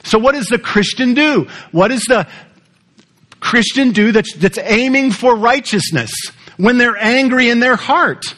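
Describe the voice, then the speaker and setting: A man's voice: very high-pitched, unhurried, fairly bright tone. A male pastor preaching a sermon in a conversational storytelling way, putting questions to the congregation.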